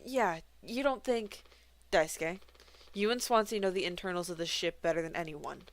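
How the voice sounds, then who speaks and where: A woman voicing a stern, tense male co-pilot who talks in a clipped, forceful way. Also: fairly low pitch, normal speed, natural voice.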